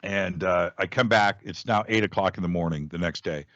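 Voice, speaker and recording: Middle-aged male radio host as a guest, low voice, lively anecdote teller with plenty of restarts; dull, dry recording. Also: fairly quick, dry recording. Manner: animated storyteller, jumps up in pitch when acting out quoted speech, frequent restarts. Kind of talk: casual storytelling in a podcast interview.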